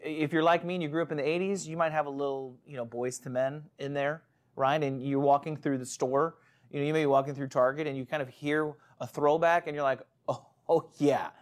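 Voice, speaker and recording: Conversational pastor, slightly high voice. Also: male voice. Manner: conversational, with frequent asides and restarts. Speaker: lead pastor. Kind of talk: online church sermon.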